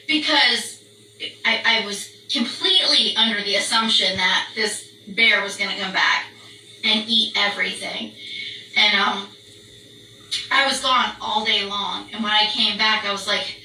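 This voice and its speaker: A woman telling a story in a casual chat, animated and swearing freely, acting out the barks and screams. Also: mid-range voice, moderate pace. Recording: roomy echo, distant from mic, faint background noise.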